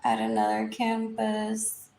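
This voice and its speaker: A woman's voice: medium pitch, very animated, slow, a little mellow. Woman, drawling live-stream ramble, repeats herself, drops to whispers, phone mic, echoey room. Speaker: livestream host. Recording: echoey room, faint background noise.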